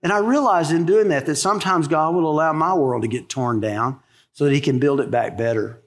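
High-voiced folksy preacher. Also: male voice, fairly quick. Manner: folksy, conversational preaching with humor. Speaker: pastor. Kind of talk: sermon. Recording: long hall reverb.

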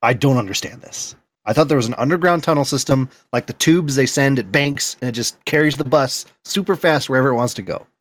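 A man's voice: mid-range voice, brisk, no room sound. A man in casual chat, joking around and bantering playfully.

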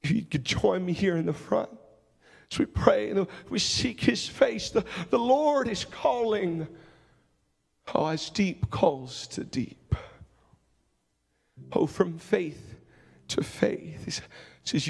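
A preacher at the pulpit, a man with a high, gravelly voice who takes his time, pleading with his congregation through searching questions. He halts and repeats his opening words as he leads into prayer, with soft music under him in the church. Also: expressive, slow, pauses often, in a large hall. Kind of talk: sermon with altar call prayer.

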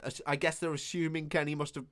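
A man's voice: fairly high pitch, flat delivery, fast, a crowd in the background. A man co-hosting a podcast, retelling a film's plot in casual chat and acting out the characters' lines. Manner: laughing, retelling the plot with acted quotes. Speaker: podcast co-host. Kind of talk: casual film recap chat.

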